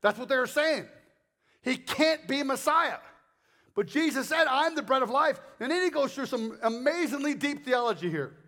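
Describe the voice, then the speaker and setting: A man's voice: very high-pitched, animated, fairly quick, hardly any pauses, a bit bright. An older man preaching as a guest speaker, joking and acting out crowd voices as he talks. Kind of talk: sermon.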